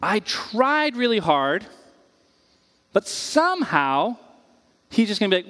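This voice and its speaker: Male pastor, high voice, chatty animated preaching, long hall reverb. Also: unhurried. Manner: casual and animated, acts out quoted voices, many "like"s. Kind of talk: conversational sermon.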